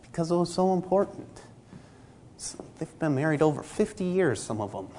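A man's voice: a little high, big pitch swings, normal speed, mellow, slight background noise. A man preaching a sermon in a conversational way, acting out little scenes and voices from everyday church life. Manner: conversational, acts out dialogue in anecdotes.

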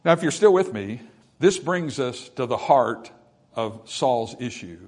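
A man's voice: medium pitch, expressive, a little slow, darkish tone. A male preacher delivering a sermon, building to emphatic peaks and dropping into folksy asides.

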